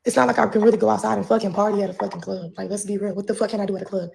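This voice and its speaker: A woman's voice: medium pitch, fairly even intonation, very fast, gravelly, a little mellow. A pregnant woman ranting on a livestream from home, profane and confrontational with a drawling delivery.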